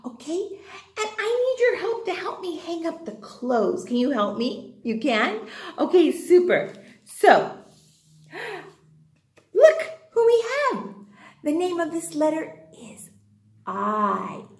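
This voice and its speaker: Kindergarten teacher, female, slow and sing-song with children, recorded in an echoey room. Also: high-pitched. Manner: animated, exaggerated, sing-song teacher talk. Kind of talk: online class for young children.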